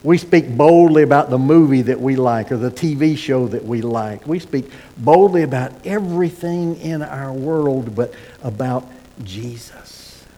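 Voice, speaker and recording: A middle-aged man preaching a sermon as pastor, folksy and animated with asides and repeated starts. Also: mid-range voice, unhurried. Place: church sanctuary. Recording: sermon in a hall with long reverb.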